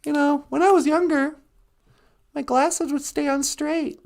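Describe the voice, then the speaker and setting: Slow, high-voiced Midwestern woman. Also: fairly even intonation, creaky, a little mellow. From northern Minnesota. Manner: chatty and teasing, laughs often. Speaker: live stream host. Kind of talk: casual live stream chat.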